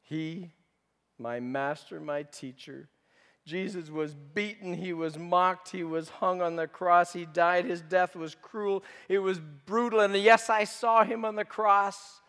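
A man playing Peter, guilt-stricken, high voice. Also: steady tone, slow, clean tone, heavily acted. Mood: grieving. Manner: anguished storytelling, swinging between urgent outbursts and hushed confession. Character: remorseful male disciple Peter, grown man haunted by guilt. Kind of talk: dramatic first-person monologue. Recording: long reverb of a large hall.

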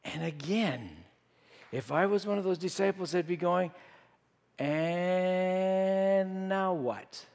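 A man's voice: high-pitched, animated, normal speed, vocal fry, breathy edge. A man preaching a sermon, telling a story and acting out the disciples' voices. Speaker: pastor. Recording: reverberant hall.

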